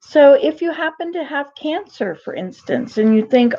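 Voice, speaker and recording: An older woman talks to her viewers in a folksy live-stream monologue, wandering from one thought to the next and restarting her sentences often. Her voice sits a little high. The webcam audio is dull and muffled. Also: expressive, moderate pace, dark tone. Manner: rambling, digressive, many restarts. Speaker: vlogger.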